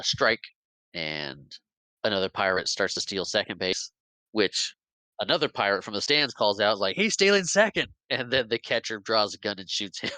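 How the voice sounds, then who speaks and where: A man's voice: low-pitched, no echo. A man hosting a podcast, casually retelling a movie plot, acting out characters' lines and laughing often. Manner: animated retelling, acts out quotes, laughs often. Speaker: podcast host. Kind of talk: casual movie recap chat.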